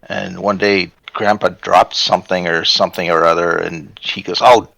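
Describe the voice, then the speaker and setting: Middle-aged man, low voice with a crisp edge, animated family storyteller. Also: normal speed, dry recording, dull audio. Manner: chatty, animated when quoting others. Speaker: parent telling family stories. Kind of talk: casual storytelling chat.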